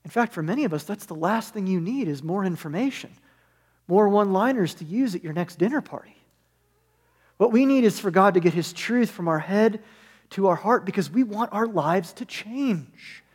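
A male pastor with a high, animated voice preaches a sermon earnestly, piling up his points in repeated parallel phrases at a normal speed. His darkish, slightly rough tone rings with long reverb through a large sanctuary.

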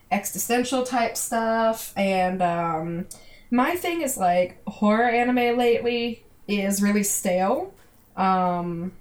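A woman co-hosting a casual podcast, rambling through a story with plenty of fillers. Her voice sits at a middle pitch. She sounds relaxed and conversational. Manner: chatty storyteller, many fillers. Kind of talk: casual chat.

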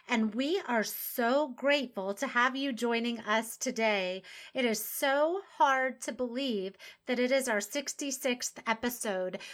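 A woman with a slightly high voice hosts a faith podcast. She talks eagerly and upbeat, and stumbles into fillers and restarts as she goes. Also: fairly bright tone. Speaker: podcast host and ministry founder. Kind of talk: enthusiastic faith podcast talk.

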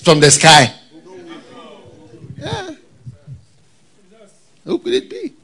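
A man with a Ghanaian accent preaching a sermon to pastors, given to loud high-pitched shouts and laughter. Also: wildly swooping pitch, very slow, gravelly.

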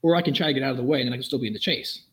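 Fast-talking man telling a police chase story. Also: medium pitch. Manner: fast, animated storytelling with voiced quotes. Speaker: police officer guest. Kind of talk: storytelling in a podcast interview.

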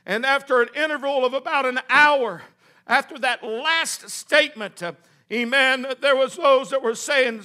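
A man preaching a sermon who swings from hushed storytelling to shouting and acts out the words of the people in his story. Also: very high voice, normal speed.

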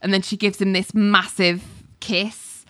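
A woman's voice: medium pitch, little pitch movement, a little slow, dry recording, clean studio sound. A woman casually recapping a TV episode, chatty and full of ums and likes.

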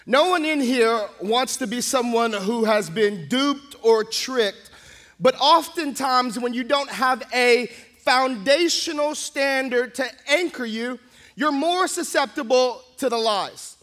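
A man preaching a sermon as a pastor, telling the story with lively, acted-out storytelling. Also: very high voice, takes it slowly. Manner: animated storytelling, acting out the scenes.

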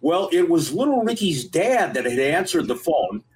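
A man co-hosting a podcast, telling stories with a lively, animated delivery. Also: a little high, normal speed, a little hiss or hum, poor audio. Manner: lively, animated anecdote teller. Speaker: podcast co-host. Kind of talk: storytelling chat.

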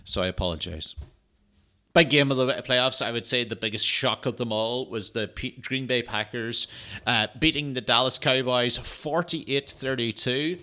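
A man's voice: mid-range voice, normal speed, pushed and bright. A man hosting a casual solo sports podcast, rambling and swearing with lots of fillers, tired and yawning. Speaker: podcast host.

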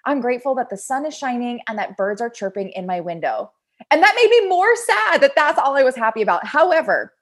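A woman in her thirties hosting a casual motivational monologue on personal growth, who acts out her own inner voice. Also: high voice. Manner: animated, acts out quoted self-talk. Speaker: podcast host, personal development.

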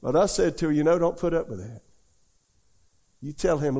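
Folksy pastor, mellow voice. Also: male voice, a little high, fast. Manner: folksy, animated storytelling with rhetorical questions. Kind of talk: conversational sermon Q&A.

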